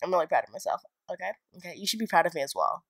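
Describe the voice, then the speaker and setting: A woman's voice: fairly low pitch, animated, very fast, a bit bright, dry recording. A young woman giving a casual narrated tour of a game build, rambling and chatty, often joking at her own expense. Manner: rambling, chatty and self-mocking. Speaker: video game builder and YouTuber.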